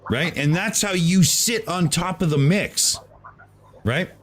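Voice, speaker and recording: A man's voice: sits high, takes it slowly, fairly bright tone, slight background noise. A man hosting a podcast in casual chat, talking animatedly and filling his talk with "right?" and "you know". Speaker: podcast host.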